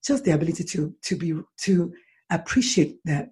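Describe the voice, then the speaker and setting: Author lady chatting in an interview, husky mellow voice, gets animated. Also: fairly low pitch, normal speed. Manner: animated, acts out dialogue in lively voices. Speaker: author guest. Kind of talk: conversational interview answer.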